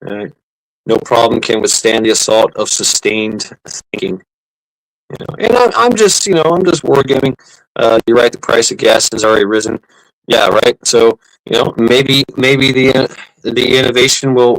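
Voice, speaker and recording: A man with a gravelly, rough-edged voice hosts a casual live stream. He rambles through his points with plenty of fillers and false starts, stopping to thank viewers and answer their comments. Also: mid-range voice, normal speed, fairly bright tone, poor audio. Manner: rambling, many fillers and restarts, reads out chat. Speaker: livestream host. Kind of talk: casual livestream chat.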